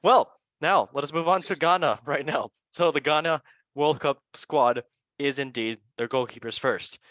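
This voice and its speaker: A man's voice: a little high, normal speed, a bit bright, no echo. A man hosting a casual football podcast, joking around and working his way through a list of player names, stumbling on some. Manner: playful, joking, stumbles over foreign names. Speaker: podcast host. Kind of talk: casual chat and reading a squad list.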